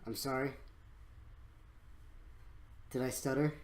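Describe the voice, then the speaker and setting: A man's voice: medium pitch, steady tone, slow pace. A man playing a tabletop game, teasing the others sarcastically. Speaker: player. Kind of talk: casual game chat.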